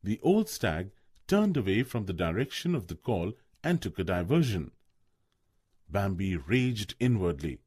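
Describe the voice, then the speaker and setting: A man reading a story aloud for listening practice, expressive and measured. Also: sits low, husky, no room sound, studio quality. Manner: expressive, slow. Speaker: narrator. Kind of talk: storybook narration.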